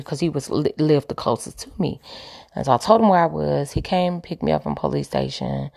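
A woman's voice: deep voice, wildly swooping pitch, brisk, vocal fry, warm tone. A woman telling a personal story candidly, emphatic and repeating her points with preachy asides.

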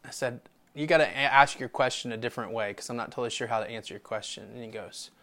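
A pastor with a medium-pitched voice preaches fast to his church, telling a story and reading scripture. He swings between loud declarations and hushed asides.

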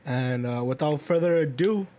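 A man's voice: on the high side, moderate pace, crowd noise. A young man co-hosting a podcast, telling rambling stories in casual chat and swearing a lot. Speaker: podcast co-host.

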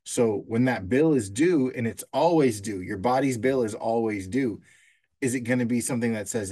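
A man's voice: mid-range voice, normal speed, mellow. A man co-hosting a casual podcast, talking through ideas with long everyday analogies in a loose, conversational way. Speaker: podcast co-host.

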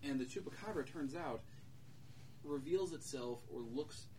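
A man co-hosting a casual comic book podcast, who retells stories with quick voices for each character. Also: medium pitch, warm tone, a little hiss or hum, rough recording. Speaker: podcast co-host.

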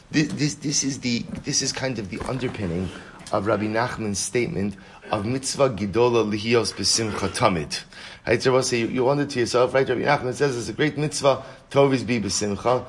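A man's voice: mid-range voice, a little fast, a little hiss or hum. A man giving a Torah study lesson, reading passages in Hebrew and explaining them in English with many questions and repeated words. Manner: restarts and repeats words when excited. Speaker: Torah teacher.

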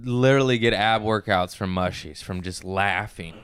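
A man's voice: fairly low pitch, normal speed, a bit bright. A man in his thirties, a guest on a podcast, chatting casually and rambling with lots of laughter and silly energy. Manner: goofy, laughing often, rambling. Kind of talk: casual comedic chat. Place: podcast studio.

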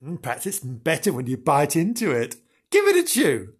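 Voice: medium pitch, huge pitch swings, moderate pace, slightly rough, exaggerated voice. A reader doing sly teasing trickster. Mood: coaxing. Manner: teasing, mock-astonished. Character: mischievous, mean trickster Bernard.

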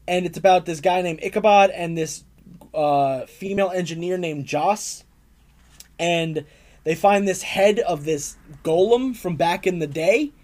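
A man's voice: high-pitched, unhurried, a little mellow. A young man co-hosting a casual comic book review chat, rambling with lots of fillers and laughs. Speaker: comic book podcast co-host.

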